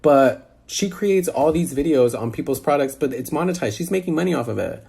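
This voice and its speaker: A man's voice: on the high side, lively intonation, brisk, gravelly, darkish tone, slightly rough. Sassy, exasperated man on a call. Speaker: commentator. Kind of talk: casual reaction chat. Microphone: video call.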